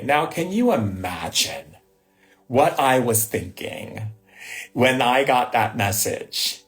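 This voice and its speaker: A man's voice: medium pitch, very animated, slow, a bit bright. A man giving a live spiritual talk, telling personal stories with rhetorical questions and a frequent "right?". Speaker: spiritual teacher. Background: faint music.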